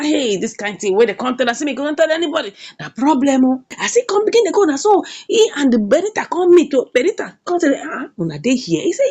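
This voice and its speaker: A woman's voice: high-pitched, gravelly, husky. A woman with a Nigerian Pidgin accent recapping a drama episode, acting out each character's lines in shifting voices. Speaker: movie reviewer.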